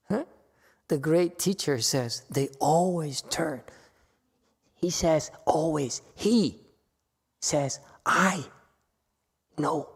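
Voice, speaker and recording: A man giving a Buddhist dharma lecture in a temple hall, playful and teasing, jumping from loud emphatic lines to quiet asides. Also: a little high, vocal fry, breathy edge. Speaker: Buddhist teacher.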